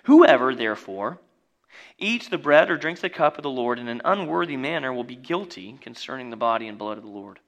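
A man preaching a sermon, reading scripture and breaking into jokey asides and loud exclamations. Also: medium pitch, very animated, a little fast. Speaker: pastor.

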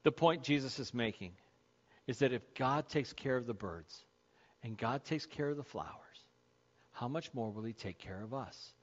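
Pastor preaching, dull lo-fi recording. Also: male voice, mid-range voice, animated, moderate pace. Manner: conversational, jokes with the congregation. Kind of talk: sermon. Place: church sanctuary.

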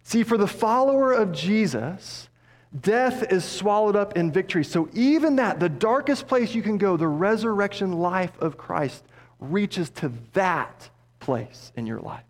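A man preaching a sermon as pastor, passionate, dropping low and soft for emphasis. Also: animated, unhurried. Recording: long hall reverb.

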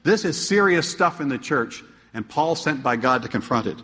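A man preaching a sermon to his congregation, asking them questions and swinging between emphatic, pleading peaks and quiet asides. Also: medium pitch, lively intonation, moderate pace. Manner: asks the congregation rhetorical questions. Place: church. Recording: long hall reverb.

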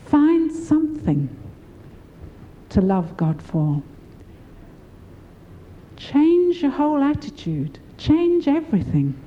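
A woman's voice: slow, long pauses, highs cut off. An older woman preaching a sermon, encouraging and often laughing as she speaks. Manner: warm, laughing, encouraging, lively pitch swings.

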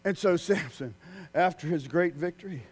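A man preaching a sermon, swinging from loud, excited outbursts to hushed, quiet passages. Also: on the high side, moderate pace, husky.

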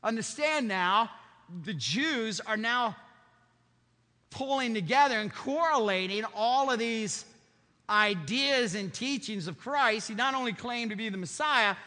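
A man with a high, very bright and forceful voice preaches a sermon. He is emphatic, swinging between loud declarations and low, hushed passages. His voice rings out with a long reverb in a large hall. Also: lively intonation, unhurried. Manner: emphatic, sweeping swings in pitch and loudness. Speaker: pastor.

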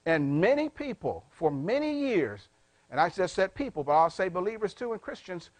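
A man preaching a sermon, asking his congregation questions and prompting them to answer, with big swings in loudness and pitch. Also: very animated, moderate pace, no room sound. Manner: call-and-response questions to the congregation. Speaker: pastor.

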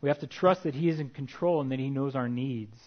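A man's voice: mid-range voice, fairly quick, lo-fi sound. A man preaching a sermon, reading scripture aloud in an earnest way with light personal asides.

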